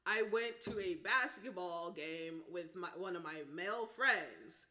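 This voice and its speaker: Bright-voiced woman telling a story on a podcast. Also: on the low side, measured pace. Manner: animated storytelling with frequent laughter and swearing. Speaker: podcast co-host. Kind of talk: casual podcast chat.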